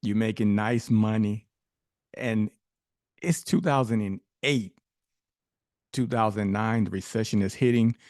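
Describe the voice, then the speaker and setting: A man's voice: fairly low pitch, measured pace, pauses often, a little mellow, no room sound, studio quality. A middle-aged man, a podcast guest, telling a personal story emphatically with rhetorical questions.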